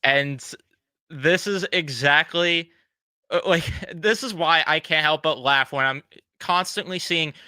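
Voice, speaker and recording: A man's voice: fairly high pitch, slow, sharp tone, clear, resonant tone, dry recording. A man co-hosting a casual sports podcast, blunt and exasperated, swearing freely. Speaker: podcast co-host.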